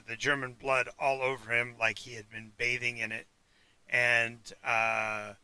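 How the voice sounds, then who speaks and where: A man serves as game master for a tabletop game on a live stream, his voice very bright and forward. He is recorded dry and close, with no room sound. He pauses and restarts a lot and fills the gaps with "uh" and "um". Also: medium pitch, clear, resonant tone, no room sound. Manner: halting, with many fillers and restarts. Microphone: home mic for a live stream.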